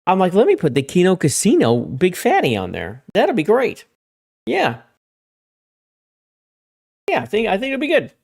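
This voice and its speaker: Male stream host, casual gaming chat, rambling, springs high and loud greeting viewers. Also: wildly swooping pitch, moderate pace, creaky, long pauses. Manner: rambling, repeats words. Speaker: livestream host.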